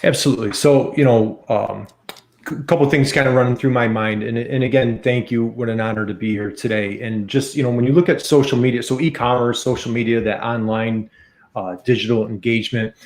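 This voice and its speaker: A man's voice: medium pitch, fairly even intonation, a little fast, reverberant. An American man of around fifty, a podcast guest, talking enthusiastically and repeating key figures for emphasis. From United States. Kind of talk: podcast interview.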